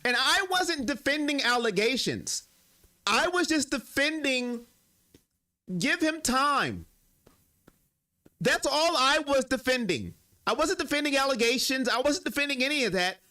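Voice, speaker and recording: A young man runs a sports live stream, talking straight to his chat in a casual, emotional way. His voice sits very high for a man and swings up and down a lot. It comes across bright and forceful. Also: expressive, unhurried, long pauses.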